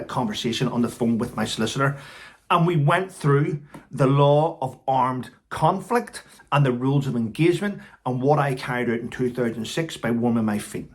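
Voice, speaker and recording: A man's voice: medium pitch, slightly rough. A man, an army veteran, recounting war stories bluntly and emphatically, swearing and restarting.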